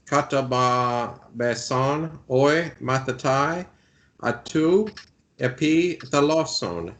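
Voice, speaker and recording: Slow, hesitant male student. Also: mid-range voice, animated, a bit bright. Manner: hesitant, halting, lots of uh. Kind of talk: classroom translation exercise.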